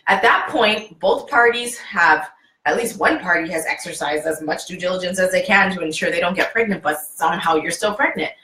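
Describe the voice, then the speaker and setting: Bright-voiced woman hosting, roomy echo. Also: fairly low pitch, fairly quick, far from the mic. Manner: leads the talk, poses questions, acts out scenarios. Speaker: host. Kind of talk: casual panel discussion. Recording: echoey room, off-mic.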